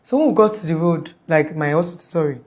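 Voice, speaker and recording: A woman's voice: low voice, animated, quick pace, a little mellow, slight background noise. A young woman recounting an emergency in a rambling, casual way with many restarts and "like"s. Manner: rambling, restarts often, uses "like" a lot. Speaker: guest telling her story. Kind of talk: casual storytelling in interview.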